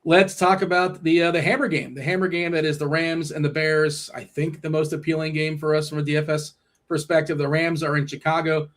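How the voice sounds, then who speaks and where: A man's voice: fairly high pitch, little pitch movement, brisk, fairly bright tone. Man hosting a casual sports chat. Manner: leads the segment, reads out numbers with fillers. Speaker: podcast host.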